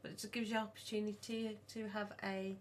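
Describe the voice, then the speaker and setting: A middle-aged woman, co-hosting a casual podcast and telling long, animated stories. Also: medium pitch, brisk, a little hiss or hum. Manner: rambling, animated storyteller. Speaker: podcast co-host, mother of the other host. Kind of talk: casual chat.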